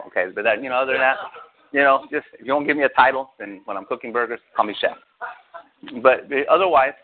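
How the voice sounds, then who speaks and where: A man pastor giving a casual, animated sermon, acting out scripture quotes and often asking his listeners if they follow. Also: medium pitch. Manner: animated, quotes scripture in excited raised voice, asks listeners questions. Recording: tinny phone-like line.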